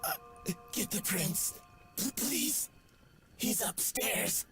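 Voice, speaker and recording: A man's voice: very high-pitched, big pitch swings, extremely slow, full character voice. An actor playing a wounded, weakened man who strains to ask for help, in a game scene. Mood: pleading. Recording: game dialogue with music behind.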